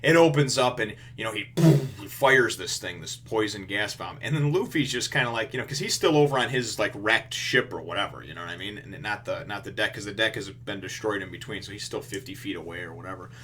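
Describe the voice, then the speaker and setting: Host type: lowish male voice, forceful and bright, loose rambling recap with plenty of fillers, blunt and a bit crude. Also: lively intonation, fast, hardly any pauses, a little hiss or hum. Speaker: manga reviewer. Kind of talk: casual rambling commentary.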